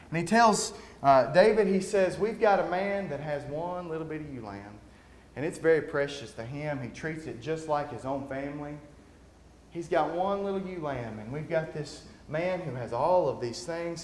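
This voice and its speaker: A man preaching a sermon, moving between quiet, folksy retelling and loud, climbing exhortation. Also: a little high, reverberant, slight background noise. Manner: swings from quiet storytelling to loud, rising exhortation. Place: church sanctuary.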